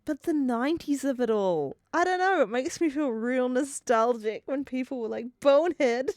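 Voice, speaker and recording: A woman's voice: high voice, expressive, normal speed, a little mellow, dry recording, clean studio sound. A woman co-hosting a podcast, chatting casually about a sitcom, giggling often and swearing freely. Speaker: podcast co-host. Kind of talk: casual chat recapping a sitcom.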